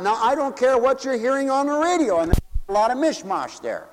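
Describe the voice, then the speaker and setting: A man preaching a sermon, asking rhetorical questions and swinging between forceful peaks and hushed low drops. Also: expressive, moderate pace, long reverb tail, rough recording. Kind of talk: sermon to a congregation, also broadcast on radio.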